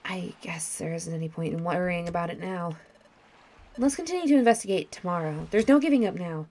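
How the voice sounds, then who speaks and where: A woman voicing an earnest, determined young explorer creature in a steady tone. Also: lowish voice, a little fast.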